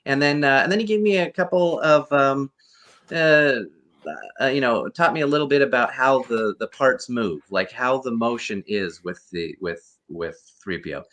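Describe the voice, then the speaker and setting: A man's voice: mid-range voice, moderate pace, a bit bright. A man, a guest actor and costume performer, earnestly telling a rambling story over a video call. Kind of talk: casual storytelling interview.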